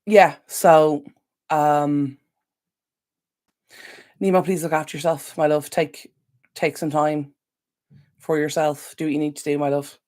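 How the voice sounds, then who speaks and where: An Irish woman with a notably deep, low voice talks casually on a live stream. She rambles, fills pauses and warmly answers her viewers' comments. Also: little pitch movement. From Ireland. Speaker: decluttering channel host.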